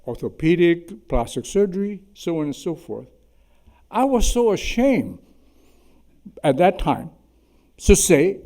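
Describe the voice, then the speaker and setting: Old chinese-accented guy, kinda high voice, warm and mellow, jokey lecture stories. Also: big pitch swings, slow, pauses often. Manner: chatty, tags remarks with "okay?", self-deprecating humor. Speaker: surgeon giving a symposium talk. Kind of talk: anecdotal lecture. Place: lecture hall.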